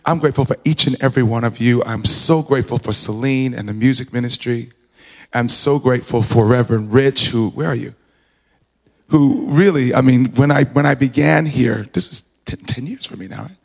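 A man giving an earnest, halting testimony of thanks to his church, often restarting his sentences. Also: medium pitch, creaky. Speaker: congregant sharing gratitude. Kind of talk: informal personal testimony. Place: church sanctuary. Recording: reverberant hall.

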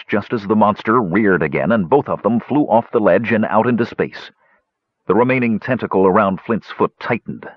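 Man narrating a fantasy audiobook, kinda husky, dry dull sound. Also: lowish voice, dry recording.

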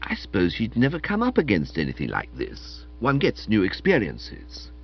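Male audiobook reader, husky, playful comic narration, muffled lo-fi sound. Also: fairly low pitch, moderate pace. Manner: animated, wry storytelling, characterful quotes. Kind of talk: scripted comic novel narration. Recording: dull lo-fi recording.

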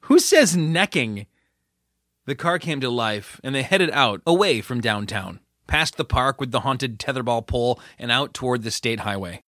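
This is an audiobook narrator, a man with a medium-pitched voice, reading a scripted story in a steady, measured manner. The recording is clean studio sound with no room echo.

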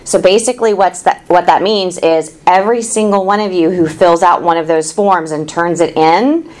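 Female staff announcer, slightly low pitch, upbeat and explanatory. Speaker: administrative staff member. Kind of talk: casual announcement.

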